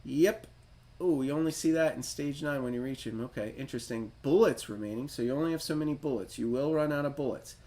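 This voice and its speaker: Talking fast in a warm, mid-range voice, a man runs a retro gaming livestream. He reads instructions from a game manual and riffs on them, chatty and self-deprecating.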